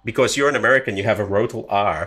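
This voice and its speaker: A man working as a linguist and language coach, quickly and animatedly demonstrating sounds while teaching pronunciation on a podcast. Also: lowish voice, crowd noise.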